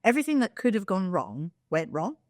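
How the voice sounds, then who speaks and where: This young woman has a mid-range voice and a brisk pace, captured in a dry, clean studio recording. As a podcast co-host she tells an animated story in casual chat, acting out what people said and swearing liberally.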